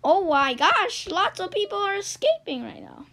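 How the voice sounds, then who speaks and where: A woman giving let's-play game commentary as a YouTuber, swinging between loud excited yelps and low muttered asides. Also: moderate pace, low-quality recording. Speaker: gaming YouTuber.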